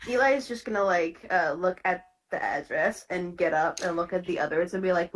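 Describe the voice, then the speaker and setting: A woman playing a tabletop game, eager and quick to ask the game master questions. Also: on the low side, low-quality recording. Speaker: player. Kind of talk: casual tabletop play.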